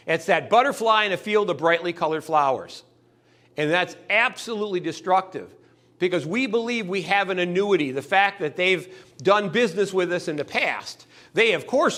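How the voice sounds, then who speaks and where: A man giving a motivational sales training talk, acting out customers and salespeople in little scenes. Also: high voice. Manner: animated, acts out customers' voices in little scenes.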